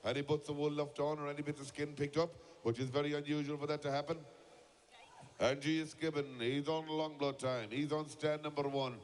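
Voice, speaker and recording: A man's voice: a little high, little pitch movement, a little fast. A man giving live play-by-play commentary at a shearing contest, urging the crowd to cheer. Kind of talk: live sports commentary over a PA.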